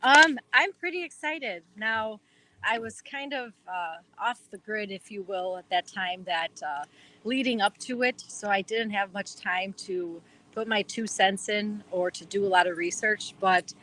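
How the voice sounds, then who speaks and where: A woman with a Wisconsin accent chats as a podcast guest, rambling eagerly with many fillers. Her voice is bright and forward. A faint hiss sits under the recording. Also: medium pitch, a little slow, rough recording. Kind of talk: casual chat.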